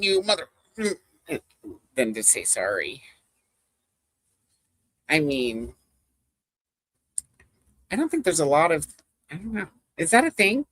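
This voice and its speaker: With a medium-pitched, slightly bright voice, a livestream host keeps things casual with viewers. The talk rambles, laughter comes often, and chat comments get read aloud.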